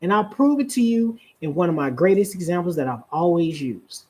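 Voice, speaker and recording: A woman's voice: lowish voice, lively intonation, brisk, mellow. Preachy woman giving relationship advice. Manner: preachy, drawls key phrases, asks rhetorical questions. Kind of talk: live-streamed talk.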